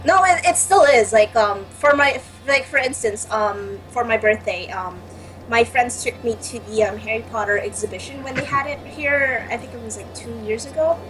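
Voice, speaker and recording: Excitable, halting young woman guest. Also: fairly high pitch, poor audio. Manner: halting, excitable, swears often. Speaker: panel guest. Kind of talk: casual chat.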